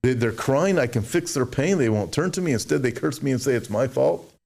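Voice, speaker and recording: Male preacher, emphatic, mid-pitched, prone to mocking asides and restarts; sermon with scripture reading. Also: expressive, fairly quick, vocal fry, darkish tone. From United States. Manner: mimics complainers in a whiny high voice. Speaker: show host.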